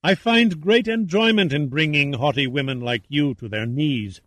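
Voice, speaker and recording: A man voicing a menacing Peruvian male killer who speaks with icy calm. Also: on the high side, moderate pace, dry recording.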